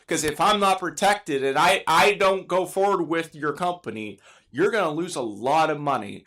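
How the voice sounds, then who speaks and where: Exasperated high-voiced young man ranting. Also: fairly bright tone. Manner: exasperated, emphatic, swears and apologizes for it. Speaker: streamer giving commentary. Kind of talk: ranting commentary.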